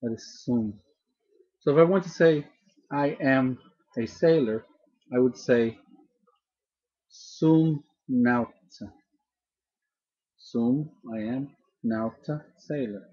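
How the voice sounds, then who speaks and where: A man teaching a grammar lesson, repeating each word slowly to drill its pronunciation. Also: medium pitch, a little mellow, slightly rough, muffled recording. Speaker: language teacher. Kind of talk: slow spoken grammar lesson.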